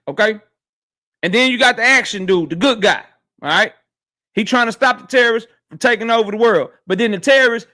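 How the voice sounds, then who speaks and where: A man's voice: extremely high pitch, sharp tone. A man hosting a casual livestream, talking in loose slang and answering viewers' chat messages. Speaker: host of a boxing talk livestream.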